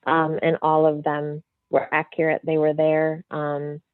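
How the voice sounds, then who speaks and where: A woman medium, a podcast guest, telling a story in a free-flowing, animated way full of fillers. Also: sits low, a little slow, clear, resonant tone, no room sound. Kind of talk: casual storytelling in an interview. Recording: tinny phone-like line, dry.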